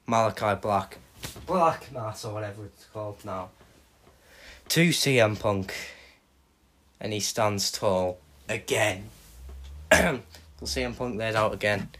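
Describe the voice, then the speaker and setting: A man hosting a podcast, recapping fantasy wrestling bookings with animated play-by-play. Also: fairly low pitch, takes it slowly, long pauses. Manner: hums entrance themes, animated play-by-play. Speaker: podcast host.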